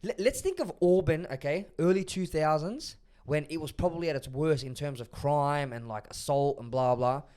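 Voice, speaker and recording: Australian man, young adult, casual podcast chat, higher-pitched, relaxed storyteller. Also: moderate pace, hardly any pauses, clean tone. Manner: easygoing storyteller, peppers talk with "bro" and "like". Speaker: podcast co-host.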